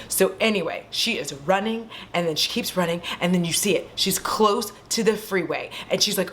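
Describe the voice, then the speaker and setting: A woman's voice: mid-range voice, moderate pace, few pauses, a little hiss or hum. A young woman casually retelling a horror movie at home, acting out the screams and lines as she goes. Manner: animated, acts out scenes and screams.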